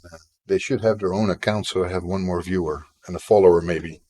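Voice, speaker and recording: Low-voiced man chatting on a live stream. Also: fairly even intonation, brisk, warm tone. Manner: rambling, chatting with viewers, playful. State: tickle in the throat. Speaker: indie game developer streaming. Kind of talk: casual live-stream chat.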